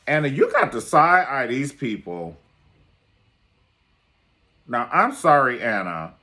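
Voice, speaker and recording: A man's voice: medium pitch, sing-song, takes it slowly, sharp tone. A man reviewing a reality show in a sassy, theatrical way, calling everyone honey. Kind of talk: casual commentary video.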